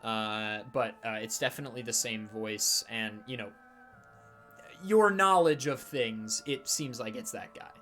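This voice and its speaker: A man's voice: mid-range voice, unhurried, a bit bright, soft background music. Casual male game master narrating. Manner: casual, loose, full of fillers.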